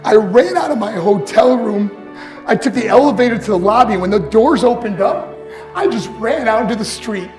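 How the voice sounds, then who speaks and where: A man's voice: sits high, expressive, moderate pace, reverberant, music in the background. A man giving a motivational speech, telling stories and acting out the voices of the people in them. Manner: storytelling, acts out quoted voices. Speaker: motivational speaker.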